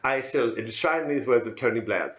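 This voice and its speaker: A man's voice: medium pitch, lively intonation, normal speed, close to an everyday voice. A man doing a rambling British pub bloke. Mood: rambling earnest. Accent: put-on British. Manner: rambling, repetitive, earnest and self-correcting. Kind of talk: satirical stand-up character monologue. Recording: dull lo-fi audio.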